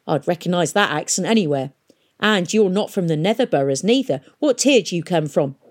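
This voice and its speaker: A woman reading a storybook aloud and voicing a rough, volatile male pirate mayor with crude working-class speech. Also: lowish voice, animated, a little fast. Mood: blustering.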